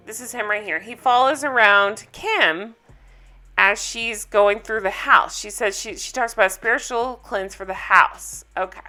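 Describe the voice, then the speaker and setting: A woman vlogger recapping a reality show episode in casual, opinionated chat. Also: fairly high pitch. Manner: chatty, opinionated, animated.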